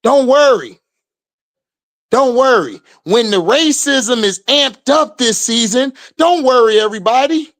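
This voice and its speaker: A man's voice: extremely high pitch, lively intonation, measured pace, a bit bright. A man hosting a livestream, casually commenting and reacting to chat, drawling and laughing often in slangy talk. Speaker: livestream host.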